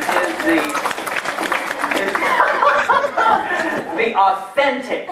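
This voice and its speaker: A man in his forties, a nurse, jokes and pokes fun at himself through a conference talk. His voice sits high. The mic picks him up from far off in a roomy, echoey hall with faint noise. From Georgia, USA. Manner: joking, self-deprecating, laughs often. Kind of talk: humorous keynote talk. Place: large conference hall at a resort.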